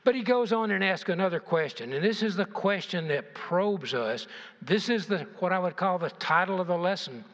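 A man's voice: high-pitched, expressive, normal speed, fairly bright tone. An older man preaching a sermon, asking his congregation rhetorical questions and shifting his emphasis. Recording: dull, echoey church hall.

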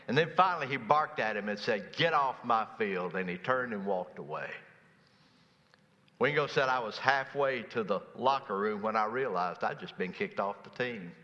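A man, preaching a sermon as pastor and telling a story, dropping low and quiet for quoted lines. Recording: dull, long church reverb.

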